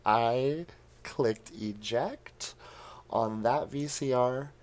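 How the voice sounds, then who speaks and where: A young man hosting a podcast, recapping a horror film in animated, laugh-filled storytelling that acts out the characters' lines. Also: mid-range voice, drawn-out words. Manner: animated storytelling, laughing often, acting out quotes. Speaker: podcast host.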